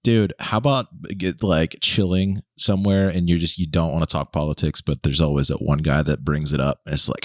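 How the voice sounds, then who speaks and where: A man's voice: extremely low pitch, steady tone, a little fast, hardly any pauses, no room sound, studio quality. A young man hosting a casual podcast chat, joking and laughing often. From Texas. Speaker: podcast host.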